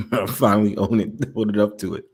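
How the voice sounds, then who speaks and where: A man's voice: on the low side, normal speed, slightly rough. A man with a New York accent, a stream host talking eagerly and loosely about his home city in casual chat. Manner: rambling, excitable, slangy.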